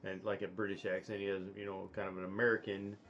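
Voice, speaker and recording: Stream host, male, lower register, halting and chatty, dull lo-fi audio. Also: flat delivery, a bit bright, slight background noise. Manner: rambling, halting with many fillers. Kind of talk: casual chat.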